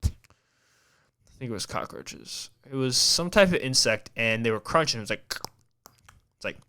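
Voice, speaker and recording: A man's voice: medium pitch, expressive, moderate pace, pushed and bright, clear, resonant tone. A man hosting a podcast, talking in a casual, rambling way with a heavy stutter and frequent restarts. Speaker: podcast host.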